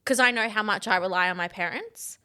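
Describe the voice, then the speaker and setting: A woman's voice: medium pitch, fairly quick, pushed and bright, smooth. A woman in her thirties, co-hosting a podcast in casual, rambling chat full of "like" and restarts. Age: 30s. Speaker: podcast co-host.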